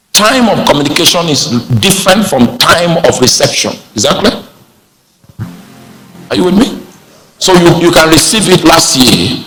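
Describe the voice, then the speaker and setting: A man in his forties preaches at a slow, deliberate pace, leaning hard on each phrase. He keeps checking in with his congregation as he goes. Faint music plays softly behind his voice. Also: medium pitch, rough recording. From Nigeria. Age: 40s. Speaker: pastor. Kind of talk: sermon.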